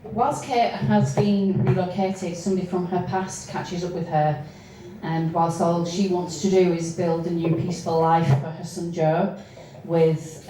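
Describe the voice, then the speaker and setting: A woman reading from her own novel, with hesitant spoken asides between steady passages. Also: fairly low pitch. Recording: echoey room, distant mic, faint noise.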